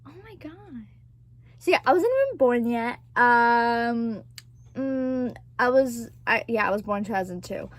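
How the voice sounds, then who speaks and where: A woman's voice: a little high, a little slow, dry recording. A woman in her twenties chatting casually as a vlogger, gushing and swearing freely, laughing often. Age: 20s. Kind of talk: casual chat.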